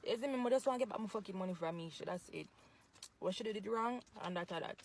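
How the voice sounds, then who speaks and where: A woman's voice: mid-range voice, fast, gravelly, darkish tone. A woman with a Jamaican accent venting angrily to camera outdoors in the hot sun, cursing heavily and repeating herself. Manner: profane, heated, repetitive. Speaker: social media poster. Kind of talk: angry venting rant to camera.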